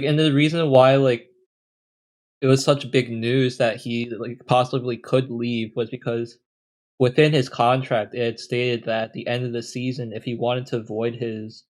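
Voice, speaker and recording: A man's voice: mid-range voice, darkish tone. A young man co-hosting a podcast, explaining things at length in a rambling, casual way with many fillers. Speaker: podcast co-host. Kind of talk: casual chat.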